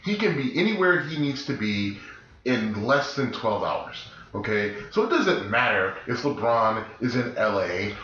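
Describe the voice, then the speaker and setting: A man co-hosting a podcast in casual chat, sick with his voice deeper than usual, talking emphatically in rambling restarts. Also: big pitch swings, a little slow, sharp tone. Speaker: podcast co-host. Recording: echoey room, dull lo-fi sound, faint noise.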